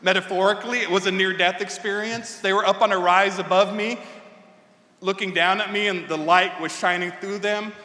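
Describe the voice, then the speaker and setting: A man in his fifties gives a humorous commencement speech at a podium microphone, telling stories as a wry comic. His fairly high voice is steady, pushed, and bright at normal speed, echoing through a large ceremony hall with long reverb.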